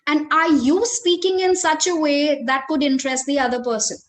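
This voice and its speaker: Leading a live online training webinar, a corporate trainer with an Indian English accent speaks expressively, varying her tone and stress and engaging her audience directly. Her voice is high and her pace normal.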